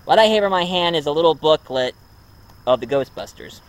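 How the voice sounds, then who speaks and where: A man's voice: on the high side, animated, fairly quick, background noise. A man casually reviewing a movie at home, rambling with many ums and uhs. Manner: rambling, full of ums and uhs, chuckles often.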